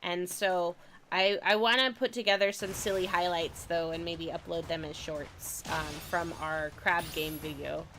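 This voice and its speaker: A woman's voice: on the low side, fairly even intonation, measured pace, background noise. A young woman from California chatting casually on a game stream, a bit stuffy from a recent cold, giggly and rambling. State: slightly stuffy, recovering from a cold. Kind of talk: casual gaming stream chat.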